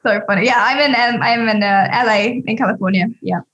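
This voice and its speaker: A British woman from England, a podcast guest chatting casually over a video call from her desk at home, telling stories quickly with frequent laughs. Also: mid-range voice, a bit bright, lo-fi sound. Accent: British English. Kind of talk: casual interview chat.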